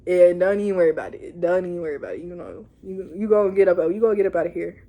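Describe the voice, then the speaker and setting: A woman putting on a calm male vampire's low, hushed voice while retelling a scene. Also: very fast, close to an everyday voice. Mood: reassuring.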